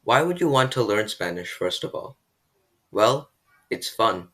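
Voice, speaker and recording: A man giving a beginner language lesson, explaining step by step and slowing down to model pronunciation. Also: on the low side, very animated, a bit bright. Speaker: language tutor.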